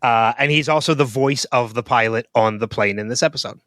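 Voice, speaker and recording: A man's voice: medium pitch, brisk, a bit bright, no echo. A man co-hosting a podcast, chatting casually and thinking aloud with frequent ums and restarts. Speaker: podcast co-host. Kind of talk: casual chat.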